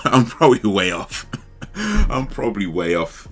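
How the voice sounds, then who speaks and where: Very deep-voiced man rambling on stream. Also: huge pitch swings, unhurried, a bit bright, faint music behind. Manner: rambling, laughing, trailing off mid-thought. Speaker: livestream host. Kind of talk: casual livestream chat.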